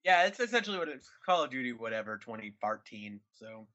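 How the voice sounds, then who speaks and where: A young man chats on a podcast in an animated way, his voice swooping lively and bright. He swears freely and breaks into goofy voices. The audio sounds dull and lo-fi. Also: medium pitch, fast talker. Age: 20s. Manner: animated, swears a lot, does silly voices. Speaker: podcast co-host. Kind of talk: casual chat.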